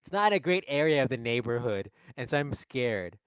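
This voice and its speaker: A man's voice: medium pitch, sing-song, normal speed, fairly bright tone, smooth, dry recording. Man doing a timid jittery plumber. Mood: nervous.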